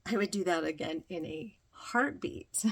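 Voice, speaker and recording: A woman telling a reflective personal story, slow and dreamy, with many ums. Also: on the low side. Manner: slow, dreamy, breathy with frequent ums and laughter. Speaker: spiritual vlogger.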